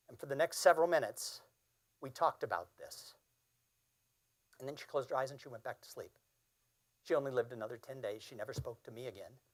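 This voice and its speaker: A man's voice: mid-range voice, a bit bright. A man in his fifties giving a keynote speech, telling a personal story in an earnest, emphatic way. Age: 50s. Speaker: keynote speaker.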